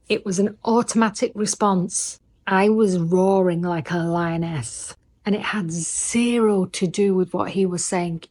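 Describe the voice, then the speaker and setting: Woman, middle-aged, relationship coach, earnest, intimate, soft near-whispers, mid pitch. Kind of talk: heartfelt advice monologue.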